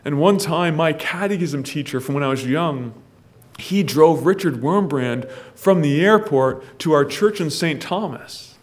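A man preaching a sermon, telling a story and building to loud, impassioned exhortation. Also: fairly high pitch, expressive, unhurried. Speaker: pastor.

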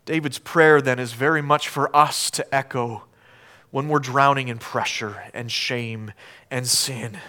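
A man preaching a sermon as pastor, emphatic, swinging between loud declarations and hushed lines. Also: medium pitch, fairly even intonation, unhurried.

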